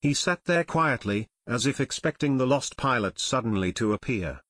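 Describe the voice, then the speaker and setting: A man narrating an unabridged audiobook in a measured, steady way. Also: mid-range voice, no echo, clean studio sound. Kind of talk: scripted narration.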